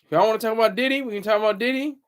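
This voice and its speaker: A man's voice: high-pitched, rapid-fire, smooth. A man in his thirties hosting a casual livestream, rambling loosely and reading viewer comments aloud. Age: 30s. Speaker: livestream host.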